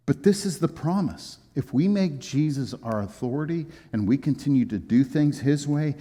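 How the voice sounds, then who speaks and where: A man of middle pitch delivers a sermon as a pastor, easing his points in through folksy, humorous storytelling. His voice carries the long, lingering reverb of a church sanctuary. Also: warm tone.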